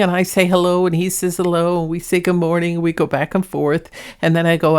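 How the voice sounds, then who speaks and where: Chatty woman with a lowish voice. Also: moderate pace, a little mellow. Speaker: paranormal vlogger. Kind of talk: casual narration introducing clips.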